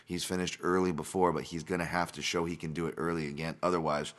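A man with a deep, low voice hosts a solo podcast and talks loosely through recent fight results. He rambles, goes off on tangents and swears without a second thought. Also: little pitch movement, quick pace. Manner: rambling, casual, swears freely. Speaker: podcast host.

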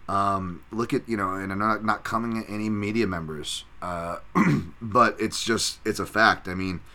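Low, bright-toned man talking fight picks. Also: fairly even intonation, normal speed. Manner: casual, profane, rambling with restarts. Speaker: podcast host. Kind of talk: solo podcast fight analysis.

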